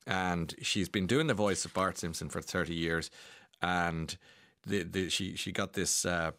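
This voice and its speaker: A man's voice: low voice, measured pace, fairly bright tone. A man hosting a radio show, chatting in a rambling way with many restarts and chuckles. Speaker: radio host. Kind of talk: casual chat.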